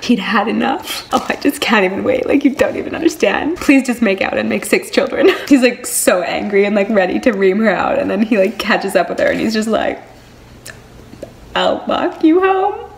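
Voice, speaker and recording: Young woman book vlogger, excitable casual chat, giggly, heavy "like" filler, average pitch. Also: brisk, creaky, few pauses. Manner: gushing, laughs often, says "like" constantly. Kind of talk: casual chat reading vlog.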